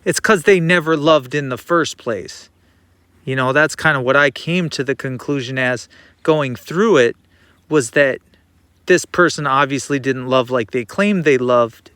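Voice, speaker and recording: Slow, musing man with a smooth voice. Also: fairly high pitch, a bit bright, dry recording. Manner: rambling, repeats himself, swears. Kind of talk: personal monologue.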